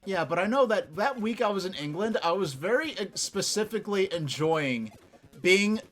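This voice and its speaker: A man from New York chatting casually and rambling while he streams a video game, getting excited easily. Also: sits high, normal speed, soft background music.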